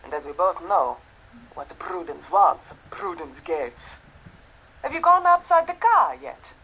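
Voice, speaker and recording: An actress playing a vain, chatty Venetian landlady in a mystery game, with a lively, theatrical delivery. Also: lowish voice, unhurried, slightly rough, heavily acted, poor audio. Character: tanned Italian landlady in Venice, vain, chatty. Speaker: game character.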